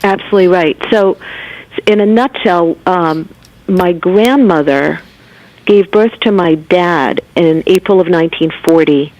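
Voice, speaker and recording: Thoughtful woman guest, measured delivery, dry phone-line audio. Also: lowish voice, a little mellow, no room sound. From United States. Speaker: guest author, physician. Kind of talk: phone interview.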